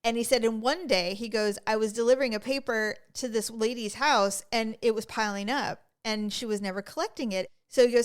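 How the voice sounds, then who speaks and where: Woman co-host, chatty storyteller who voices the people she quotes; smooth, clean tone. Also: on the high side, a little fast, few pauses. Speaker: podcast co-host. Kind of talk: casual chat.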